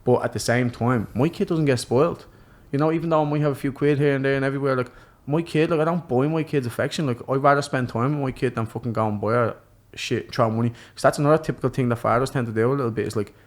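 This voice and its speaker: Fast-talking young Irish man. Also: mid-range voice. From Ireland. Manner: rapid, swearing storyteller full of fillers. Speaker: guest, professional boxer. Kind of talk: casual podcast chat.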